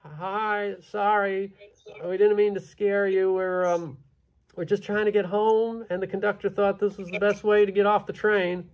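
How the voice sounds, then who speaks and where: A man voicing a timid, apologetic woman who speaks quietly. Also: sits high, little pitch movement, a little slow, highs cut off, pitched above the performer's own voice. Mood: sheepish.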